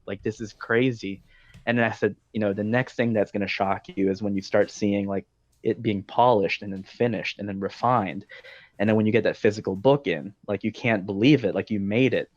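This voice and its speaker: A man's voice: fairly low pitch, no room sound. A man hosting a podcast, telling long stories in a casual, talkative way with frequent ums and likes. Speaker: podcast host. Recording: dull dry lo-fi sound.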